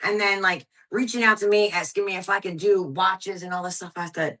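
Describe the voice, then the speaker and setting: A woman comedian in her thirties, telling blunt, profane stories in a high-energy way during a casual podcast chat. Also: fairly even intonation, fairly quick, pushed and bright, low-quality recording. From Pennsylvania, US. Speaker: stand-up comedian guest.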